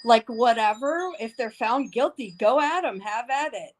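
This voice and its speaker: A woman livestreams an angry rant, heated and profane, going over the same points again and again. Her voice sits on the high side and is animated at a normal speed; the audio is poor, with faint wind chimes in the background.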